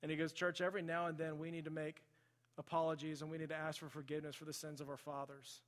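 A man's voice: on the high side, little pitch movement, fast talker, fairly bright tone. Storytelling male pastor in a reverberant hall. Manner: storytelling, rising to impassioned emphasis. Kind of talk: sermon. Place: church sanctuary.

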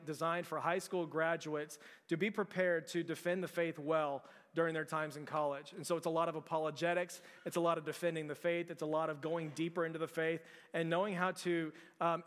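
A man's voice: fairly high pitch, fairly bright tone, big-room sound. A man in his forties from Texas, preaching a sermon as pastor in a conversational storytelling way, often restarting his sentences.

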